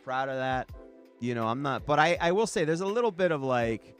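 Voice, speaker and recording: An American podcast host, a man with a mid-range voice, talks fairly quickly with lively intonation over faint background music. He's doing a casual comedic monologue for his viewers, reading chat and mocking it through rhetorical questions and quick impressions.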